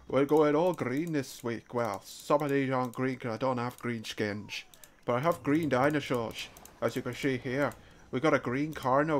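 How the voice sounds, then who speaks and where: A man's voice: mid-range voice, lightly acted. A man putting on a jolly Irish leprechaun brogue. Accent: put-on Irish. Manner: hammy, playful put-on brogue. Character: jolly self-styled leprechaun man, male adult. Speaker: gaming channel host. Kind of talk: gameplay commentary.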